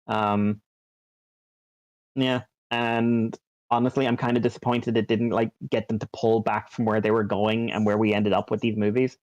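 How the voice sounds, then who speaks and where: A man's voice: lowish voice, little pitch movement, normal speed, darkish tone, no room sound. A man co-hosting a podcast, chatting casually and rambling with lots of fillers and restarts. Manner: rambling, lots of ums and likes. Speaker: podcast co-host. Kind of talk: casual chat. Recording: dull lo-fi dry sound.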